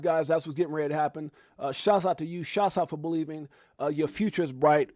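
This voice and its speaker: A man hosting a casual live stream, hyped and effusive, giving one shout-out after another to people watching. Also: fairly high pitch, fast, few pauses, no echo, studio quality. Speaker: livestream host. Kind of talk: casual live-stream chat reading out viewer names.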